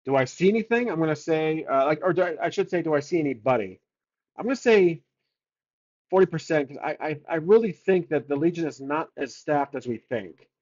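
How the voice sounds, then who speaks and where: A man's voice: on the high side, animated, fairly quick, darkish tone, lo-fi sound. A man narrating his solo tabletop game, casually thinking aloud and rolling odds for each choice.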